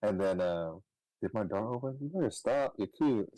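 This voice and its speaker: A young man on a podcast, casually telling a story, swearing and laughing, his voice jumping high when he gets excited. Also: moderate pace, no echo, rough recording. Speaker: podcast co-host.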